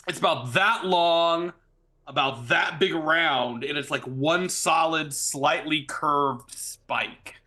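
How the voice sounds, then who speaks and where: A man's voice: fairly high pitch, pushed and bright. A man narrating as game master of a tabletop game, rambling and searching for words with many fillers.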